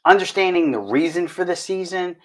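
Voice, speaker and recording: A man's voice: sits high, lively intonation, a little fast. A man hosting a casual talk show, joking and stumbling over his words. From northern United States. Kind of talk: casual chat.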